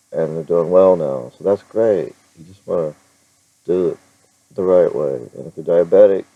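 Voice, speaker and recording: A man with a very low voice chats loosely to his camera, circling back and restarting his sentences. The sound is dry and a little dull, like a built-in camera mic. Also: no room sound. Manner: rambling, self-interrupting, chuckles often. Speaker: vlogger. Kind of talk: casual vlog talk to camera.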